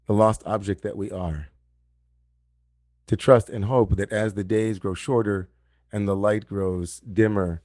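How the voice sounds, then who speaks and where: A rabbi delivers a reflective sermon in a lowish male voice, circling back to key phrases for emphasis. The sound is close and dry, with no room echo. He speaks through a video call setup. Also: steady tone, unhurried, a little mellow. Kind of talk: sermon at an online service.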